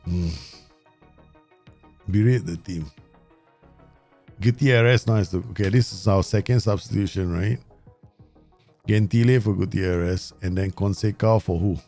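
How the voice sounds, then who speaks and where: A man hosting his gaming channel, giving live commentary and talking to himself and the viewers in an excitable way. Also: deep voice, unhurried, pauses often, faint music behind. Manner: excitable, talks to himself and the viewers, frequent laughs.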